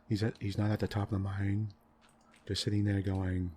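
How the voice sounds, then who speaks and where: A man in soft-spoken gaming commentary, rambling and exasperated as he rants about a game's story, full of "right?" and "you know" fillers. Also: on the low side, little pitch movement, moderate pace, a little hiss or hum. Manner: rambling, exasperated ranting about a game plot; frequent tag questions and fillers. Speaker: gaming channel host.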